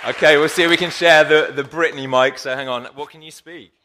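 Bright-voiced preacher, playful. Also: male voice, fairly high pitch, steady tone, fast talker, a little hiss or hum. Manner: playful, jokey, addresses the congregation directly. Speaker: pastor. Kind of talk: sermon. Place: church hall. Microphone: handheld mic.

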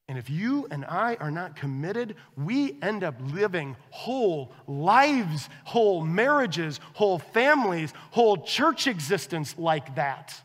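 Animated high-voiced pastor preaching in a hall. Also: male voice, unhurried, few pauses. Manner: animated, acts out quoted dialogue, conversational. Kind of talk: sermon.

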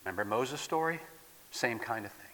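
A man from the Midwest preaching a sermon as a guest pastor, swinging from loud declaiming to soft near-whispers, in a church. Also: mid-range voice, lively intonation, normal speed, slight background noise. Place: church sanctuary. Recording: long hall reverb.

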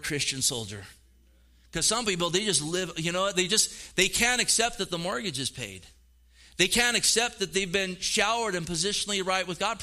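A middle-aged male pastor with a high voice preaches animatedly, acting out quoted voices and repeating words along the way.

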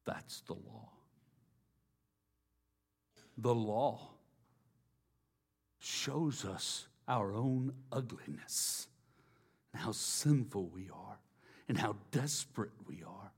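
A man preaching a sermon, slow and deliberate, dropping to a hush on key phrases. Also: on the low side, lively intonation, slightly rough. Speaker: pastor.

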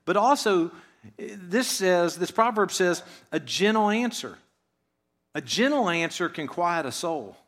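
Man preaching in a soft, conversational tone. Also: high-pitched, lively intonation, a little slow. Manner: conversational, drops voice softly on phrase ends, asks rhetorical questions. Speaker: pastor. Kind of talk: sermon. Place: church.

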